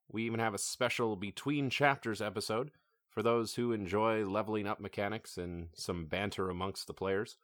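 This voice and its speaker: A man hosting a tabletop role-playing show, giving announcements and narrating as game master in a relaxed way with many filler words. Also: fairly low pitch, no echo, clean studio sound.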